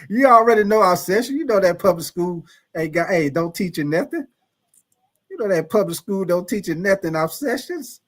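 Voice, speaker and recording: High-voiced man, laid-back stream host. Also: expressive, moderate pace, darkish tone. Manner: laid-back, loose slang, laughs often. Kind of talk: casual live stream chat reading viewer comments.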